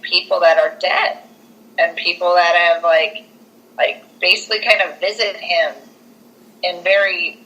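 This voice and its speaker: A young woman podcast co-host with a lowish voice, on a low-quality recording, casually retells a film plot. She's an animated storyteller who says "like" constantly and acts out the quotes.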